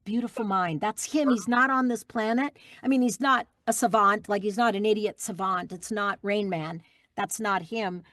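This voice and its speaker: A middle-aged woman, a guest voice actress, chatting in an interview and telling lively stories with plenty of fillers. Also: mid-range voice, normal speed, dry recording, clean studio sound. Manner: warm, animated storytelling with fillers. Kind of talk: casual interview chat.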